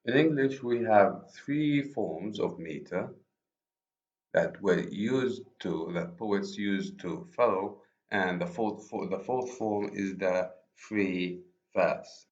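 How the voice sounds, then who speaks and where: A man whose first language is Arabic, giving a university lecture on poetry in English, explaining slowly and rephrasing himself often. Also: fairly low pitch. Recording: echoey room, dull lo-fi sound.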